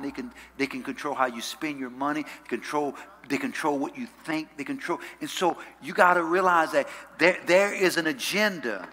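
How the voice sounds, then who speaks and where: Preacher man, bright punchy voice, call and response, gets loud then hushed, long church echo. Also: on the high side, moderate pace, few pauses. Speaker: pastor. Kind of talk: sermon. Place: church sanctuary. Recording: church hall reverb.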